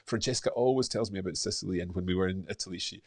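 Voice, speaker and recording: A middle-aged man hosting a live stream, talking in a relaxed, chatty way with lots of fillers while he reads out viewers' comments. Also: sits low, very fast, no room sound, clean studio sound. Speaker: host.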